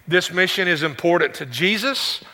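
A male pastor delivers a sermon in a bright, forceful voice, pitched a little above the usual for a man. He keeps it conversational, tossing joking asides to the congregation. The sound carries a long reverb from a big church room. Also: animated, normal speed.

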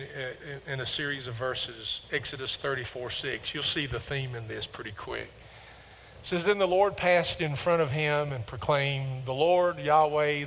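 A man preaching a sermon to a congregation, calling for the room to repeat verses back to him. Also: rough recording. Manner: call-and-response, gets louder and higher reading verses.

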